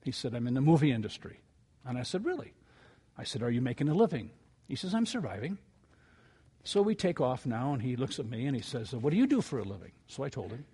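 An older man preaching a sermon, telling a story with animated rises and quiet asides before reading scripture. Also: medium pitch, fast, slightly rough. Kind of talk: sermon with anecdote.

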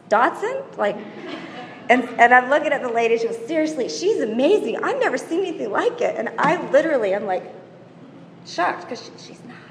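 Middle-aged woman running a parenting class; higher voice, chatty and laughing, in a reverberant hall. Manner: chatty storyteller, laughs often, mimics her kids; moves around constantly while talking. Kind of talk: casual teaching talk to mothers. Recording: roomy hall reverb, faint background noise.

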